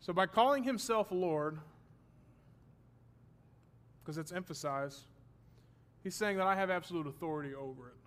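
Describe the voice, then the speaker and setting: A man's voice: sits high, moderate pace, pauses often, fairly bright tone. A man teaching a Bible study class, explaining terms and checking that his students follow, with the odd self-deprecating joke.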